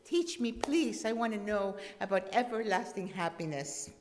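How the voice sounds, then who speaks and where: A woman's voice: medium pitch, animated, normal speed, close to an everyday voice. An eager young male student, as a woman puts him on, pleading and pressing with impatient questions in a raised voice. His words ring out with a long church-hall reverb.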